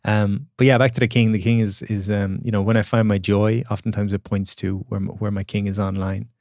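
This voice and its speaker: A man's voice: fairly low pitch, level tone, fairly quick, a little mellow, dry recording. Reflective man telling a personal story. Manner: reflective, storytelling, many restarts. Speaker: podcast guest, coach. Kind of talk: casual podcast conversation.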